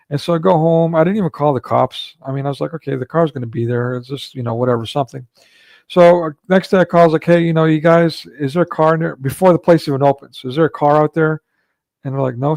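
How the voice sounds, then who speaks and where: A man's voice: a little high, gravelly, a little mellow, no room sound. A man hosting a livestream, telling a long rambling story in casual chat with frequent restarts and fillers. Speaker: livestream host.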